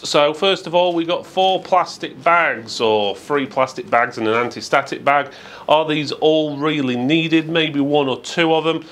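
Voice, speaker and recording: A man's voice: medium pitch, a bit bright, slight background noise. A man giving a methodical, matter-of-fact product review with frequent fillers. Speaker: tech reviewer.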